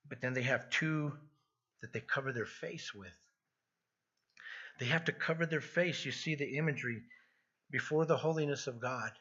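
A husky man delivers an expository sermon with earnest emphasis, often restarting phrases as he builds a point. His tone is bright and forceful. The recording sounds dull and lo-fi. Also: mid-range voice, normal speed, long pauses. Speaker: pastor.

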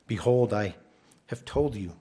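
A man's voice: fairly low pitch, animated, measured pace, warm tone, slightly rough. A man preaching a sermon as pastor, emphatic and often repeating his first words as he starts a phrase.

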